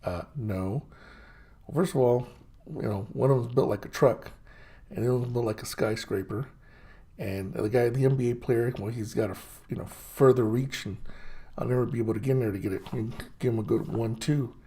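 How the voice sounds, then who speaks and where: A man's voice: medium pitch, fairly even intonation, brisk, warm tone, husky. A middle-aged man hosting his own show, rambling through a blunt, scornful rant full of fillers and restarts. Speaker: host. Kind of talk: ranting monologue.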